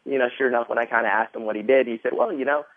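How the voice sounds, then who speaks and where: Over a tinny phone line with a dry sound, a thirty-something man talks very fast in a medium-pitched voice. As a podcast guest, he rambles through an animated retelling of his story, packed with fillers.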